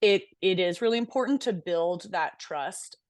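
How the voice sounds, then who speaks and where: A young woman co-hosts a podcast in relaxed conversation. She sounds candid and reflective and swears now and then. Her voice is dry and close, with no room sound. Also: on the low side, moderate pace, no echo. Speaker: podcast co-host. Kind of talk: casual chat.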